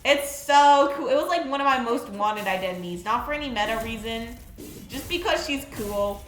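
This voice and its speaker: A young woman streaming a game, chatting in an excitable, rambling way with lots of fillers. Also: fairly high pitch, moderate pace. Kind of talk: casual live-stream chat. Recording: roomy echo with faint music.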